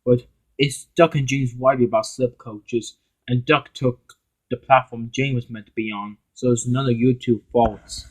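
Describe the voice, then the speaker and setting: A man voicing a kindly, sensible older male engine who calmly explains things. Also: medium pitch, normal speed, natural voice, low-quality recording.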